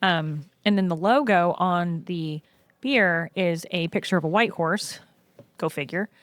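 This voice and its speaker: A woman guest in casual podcast chat, telling lively stories with frequent "um"s. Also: lowish voice, measured pace, no echo. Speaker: podcast guest, brewery co-owner.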